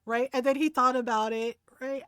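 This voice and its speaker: A woman streamer chatting casually, telling an animated family story with frequent laughs and "right?" tags. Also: high-pitched, moderate pace, clear, resonant tone, dry recording, clean studio sound. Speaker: game streamer. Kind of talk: casual chat.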